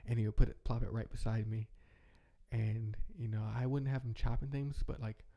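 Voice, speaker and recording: A man's voice: mid-range voice, fairly even intonation, moderate pace, vocal fry, warm tone, muffled recording. A young man talking in a rambling, heartfelt way, chatting casually as a podcast host. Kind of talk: casual reflective chat.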